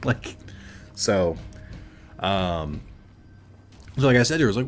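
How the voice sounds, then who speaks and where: A man with a very deep voice tells a story casually while he plays a game. He rambles, stops to correct himself, and fills the gaps with ums. Faint music runs underneath. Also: lively intonation, moderate pace. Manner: rambling, full of fillers and self-corrections. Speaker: streamer.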